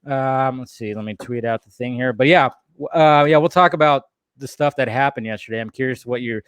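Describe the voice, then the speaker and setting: A man hosting a casual livestream chat over a video call, relaxed and chummy. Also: mid-range voice, a little fast, clean tone, no room sound. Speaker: host. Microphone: webcam video call.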